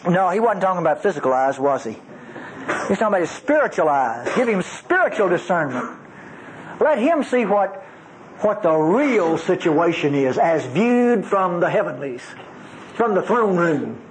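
A man's voice: high-pitched, very animated, moderate pace, poor audio. A man teaching a sermon as a Bible teacher, emphatic and folksy, with playful asides.

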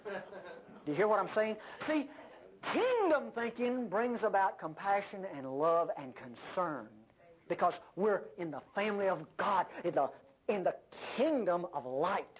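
An older woman preaching a sermon, with an animated delivery and folksy asides. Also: mid-range voice, measured pace, slightly rough. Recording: dull lo-fi sermon recording.

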